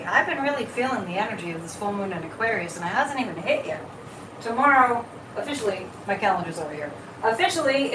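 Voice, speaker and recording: Animated woman livestreaming in an echoey room. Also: high voice, background noise. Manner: animated, repeats words, reads viewer comments. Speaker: psychic livestream host. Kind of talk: casual livestream chat. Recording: echoey room, mic at a distance.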